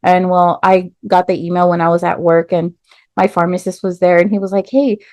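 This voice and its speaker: A woman tells her own story as a podcast guest, animated, with lots of "like" and "um" fillers. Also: lowish voice, fairly quick, no echo. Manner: animated storyteller, acts out quoted voices, many "like" and "um" fillers. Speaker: podcast guest, nurse and business owner. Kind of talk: casual storytelling interview.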